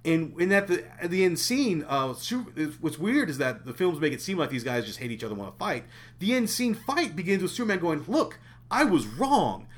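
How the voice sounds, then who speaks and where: A man co-hosting a casual film podcast, his voice sitting a bit high and swinging widely up and down. He talks in animated bursts, often stopping and restarting his sentences. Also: fairly quick. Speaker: podcast co-host.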